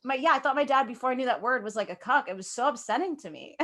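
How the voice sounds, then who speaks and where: A young woman co-hosting a podcast in casual chat, excitable, swearing and laughing often. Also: high voice, quick pace. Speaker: podcast co-host.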